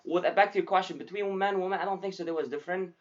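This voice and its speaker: A man's voice: sits high, rapid-fire. A young man co-hosting a podcast as a new salesman, chatting casually, swearing often and saying "dude" a lot. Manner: swears freely, says dude often, animated storytelling. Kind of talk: casual chat. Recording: dull lo-fi sound.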